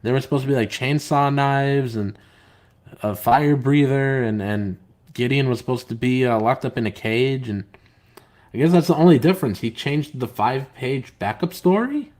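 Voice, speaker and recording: A man hosts a casual live stream, chatting loosely with viewers and reading their comments aloud. His talk is rambling and halting, full of filler words, with a steady aggrieved edge. His voice sits at an ordinary middle pitch. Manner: aggrieved, complaining. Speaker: comic book writer and live stream host.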